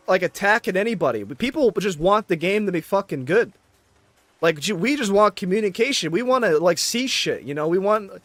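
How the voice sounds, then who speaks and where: A man's voice: sits high, fairly bright tone, dry recording. A man ranting in casual chat, exasperated and swearing constantly.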